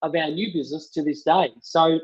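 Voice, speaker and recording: Higher-voiced man, dull lo-fi sound. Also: steady tone, a little fast, breathy edge. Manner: upbeat storytelling, filler-heavy. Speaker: podcast guest, company partnerships lead. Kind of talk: casual interview chat.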